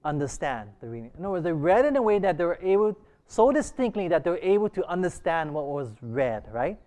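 A man's voice: on the high side, big pitch swings, a little mellow. Middle-aged male church teacher, light Hawaiian Pidgin accent, reading quotations in a lesson, prompting the class for answers. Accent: light Hawaiian Pidgin English. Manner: pauses for the class to call out answers.

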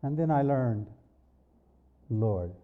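A man giving a spoken religious testimony, slow and measured, his voice swinging up and down with emotion. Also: mid-range voice, animated. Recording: dull lo-fi recording.

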